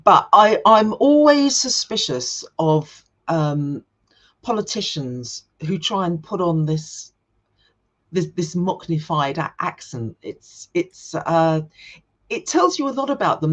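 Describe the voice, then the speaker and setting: A woman's voice: on the low side, sing-song, slow. A woman from England in a casual chat as a guest, opinionated and restarting her sentences often. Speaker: guest writer and comedian.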